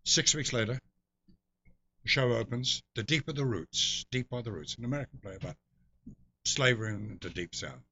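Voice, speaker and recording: Guesting on a casual interview, an older English man rambles through anecdotes, laughing and restarting along the way. His medium-pitched voice is expressive, sharp, and slightly rough, moving at a moderate pace with long pauses; there's no echo, though the recording is dull and lo-fi.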